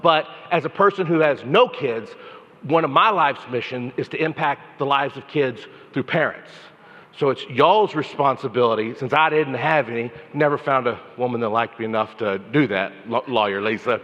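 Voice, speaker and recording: A man giving an energetic memory-training talk to a live conference audience, repeating phrases and calling on listeners by name. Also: mid-range voice, moderate pace. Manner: animated, repetitive, addresses audience members by name. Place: large conference hall. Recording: hall reverb, dull lo-fi sound.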